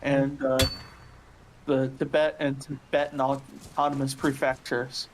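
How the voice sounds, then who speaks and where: A man co-hosting a casual gaming chat, speaking hesitantly with many pauses. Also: medium pitch, flat delivery, a little hiss or hum, low-quality recording. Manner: hesitant, lots of uh fillers. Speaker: podcast co-host.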